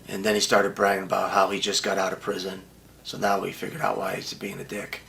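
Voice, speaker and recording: A man's voice: low voice, monotone, a little fast, vocal fry, sharp tone, slight background noise. An older man bluntly telling a profane story as an interview guest, often acting out what others said.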